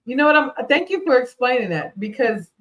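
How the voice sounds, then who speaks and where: Animated woman talk show host. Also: high voice, brisk, dull audio. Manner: animated and colloquial, lively reactions. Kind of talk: casual chat.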